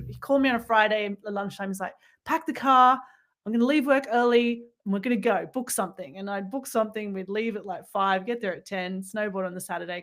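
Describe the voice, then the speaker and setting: A woman co-hosting a podcast in casual spiritual chat, reflective and rambling, with many fillers and restarts. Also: mid-range voice. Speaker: podcast co-host.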